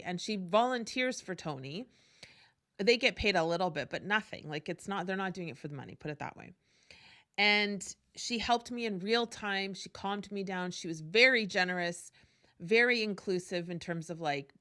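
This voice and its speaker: A woman's voice: fairly low pitch, fairly bright tone. A woman hosting a podcast, telling a personal story in a casual, candid way with profanity and frequent asides. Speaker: podcast host.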